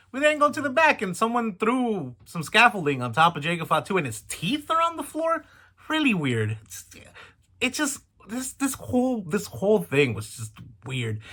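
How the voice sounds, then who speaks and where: A man's voice: high voice, bright, forceful tone. A man reviewing a wrestling show in a chatty, incredulous, rambling way, his voice cracking at times. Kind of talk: casual review vlog.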